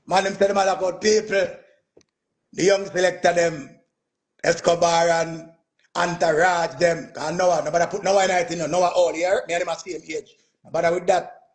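A Jamaican man, a music performer, telling a boastful story in an animated, casual rant, dropping "man" and "yo" and laughing as he goes. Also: sits high, moderate pace.

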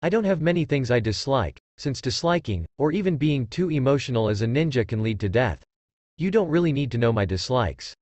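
A man voicing a calm, aloof ninja teacher. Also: mid-range voice, a little fast, no room sound, muffled recording, close to an everyday voice.

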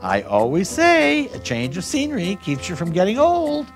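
A man voicing a fussy old cavewoman granny in a storybook reading, with a shrill, cheery manner. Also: wildly swooping pitch, normal speed, soft background music, full character voice.

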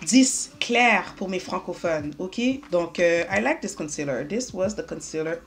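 Young woman, casual makeup tutorial, chatty and self-mocking, slightly low voice. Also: expressive, moderate pace, few pauses. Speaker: beauty vlogger. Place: home room. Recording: faint music underneath.

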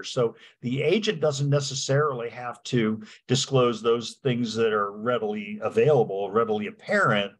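A man teaching a real estate law class, talking in a halting way with lots of fillers and restarts. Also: medium pitch, expressive, breathy edge. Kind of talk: lecture with slides.

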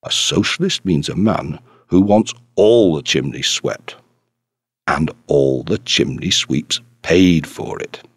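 Man doing a gruff, impatient radical. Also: rumbling low, takes it slowly, no room sound, pitched below the performer's own voice, exaggerated voice. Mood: lecturing. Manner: growling, lecturing.

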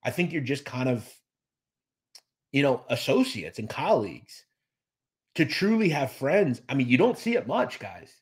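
Husky-voiced male livestream host. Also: mid-range voice, big pitch swings, unhurried, long pauses. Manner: chatty, many fillers and restarts, thanks viewers by name. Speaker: podcast host reading live chat. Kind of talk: casual livestream chat.

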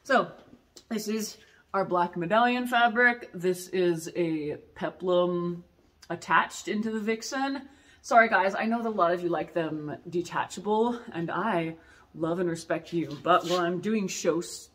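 A woman in her thirties who makes corsets, chatting casually as she shows pieces in her workshop, animated and self-mocking. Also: on the low side, normal speed. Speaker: corset maker showing her collection. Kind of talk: casual product showcase vlog. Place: workshop under a tin roof.

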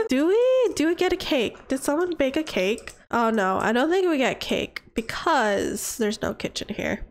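Gushing, high-voiced young woman gamer. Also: normal speed, hardly any pauses. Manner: gushing, excitable, giggly. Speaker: gaming channel host. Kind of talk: life-sim gameplay commentary.

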